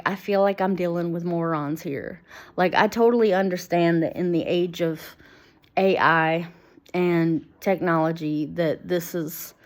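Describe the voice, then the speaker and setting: Rambling woman, slightly low voice. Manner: halting, many fillers and restarts, exasperated. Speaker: vlogger. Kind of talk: rambling casual monologue, reading screenshots aloud.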